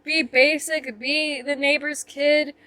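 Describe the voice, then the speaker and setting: Young woman vlogger, high and bright, rambling self-mocking storyteller, dry close sound. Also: level tone, slow pace, no echo. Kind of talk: casual storytime chat.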